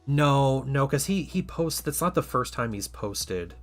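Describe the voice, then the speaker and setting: A man's voice: mid-range voice, expressive, a little slow, faint music behind. A man hosting a casual livestream while he paints miniatures, rambling and chatty with lots of restarts, and tired today.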